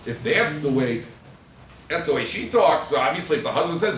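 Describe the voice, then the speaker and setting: A man giving an animated Torah class as a rabbi, joking and acting out quoted husbands and wives. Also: medium pitch, brisk, recorded from a distance, slight background noise. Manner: animated storytelling, acts out quoted husbands and wives, jokey asides. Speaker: rabbi lecturer. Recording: echoey room recorded from afar, faint ambience.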